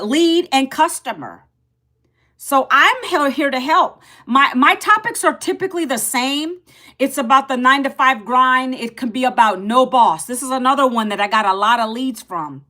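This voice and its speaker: A woman in her fifties talking casually to camera as an online business coach, chatty, repeating herself and calling viewers "guys". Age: 50s. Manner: lively, pitch jumps up and drops low.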